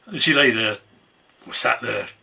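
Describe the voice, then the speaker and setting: A man's voice: mid-range voice, a little slow, gravelly, bright, forceful tone, slightly rough. A man telling a traditional folk tale in an easygoing, conversational way, from an online concert. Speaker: storyteller.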